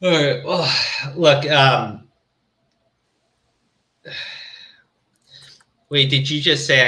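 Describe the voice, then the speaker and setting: A man's voice: fairly high pitch, extremely slow, long pauses, bright, forceful tone, poor audio. A man co-hosting a stream, giving casual reaction commentary in a blunt, profane way with stammering restarts. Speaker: stream co-host.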